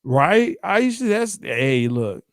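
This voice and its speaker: A man hosting a casual sports debate show, animated, laughing often and acting out quotes. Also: high voice, slow pace, no room sound, studio quality.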